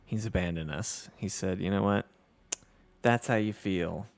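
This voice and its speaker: A man's voice: sits low, measured pace, vocal fry. A man with a Southern US accent hosting a casual gameplay livestream, reading chat aloud in an easygoing, self-deprecating way. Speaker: livestream host.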